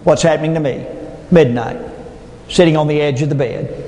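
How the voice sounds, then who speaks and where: A man's voice: fairly high pitch, a little fast, mellow. A middle-aged man, giving a humorous motivational keynote with folksy stories and punchlines. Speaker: motivational speaker. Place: large hall before an audience. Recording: echoey hall with long reverb.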